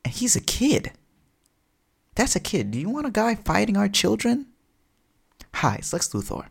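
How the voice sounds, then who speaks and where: A man's voice: wildly swooping pitch, moderate pace, creaky, slightly rough, exaggerated voice. A man playing a smug, scheming male supervillain politician in a mock campaign ad, as Lex Luthor. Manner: mock campaign-ad pitch, boastful.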